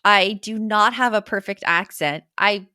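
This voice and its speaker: A woman's voice: mid-range voice, measured pace, sharp tone, clear, resonant tone, no room sound, clean studio sound. A middle-aged woman hosting a parenting podcast, chatting casually, laughing often and mimicking her kids. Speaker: podcast host. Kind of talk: casual chat.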